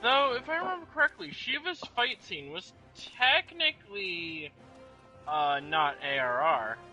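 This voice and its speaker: A man's voice: high voice, animated, measured pace, pushed and bright, faint music behind. A man chatting easygoing while playing a game with a friend. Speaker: co-player. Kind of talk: casual gameplay chat. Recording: dull lo-fi mic.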